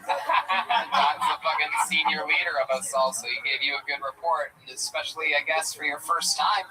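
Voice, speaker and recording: A man hosting a live comedy show, roasting the comics with loud, profane banter. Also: on the high side, moderate pace, distant mic, crowd noise, low-quality recording.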